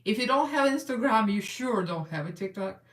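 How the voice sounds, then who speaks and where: Hosting a casual makeup livestream, this Russian American woman talks a little fast in a fairly high voice with lively intonation. She rambles and chats, laughing frequently while she works; the room echoes and she sits a bit back from the mic.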